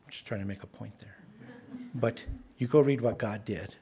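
A man's voice: fairly low pitch, normal speed, warm tone. A man preaching a sermon in an earnest, conversational way, often restarting his words.

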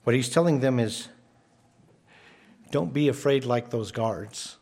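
A man's voice: mid-range voice, measured pace, vocal fry, a little mellow, husky. A man preaching a sermon as pastor, emphatic and often repeating his first words as he starts a phrase.

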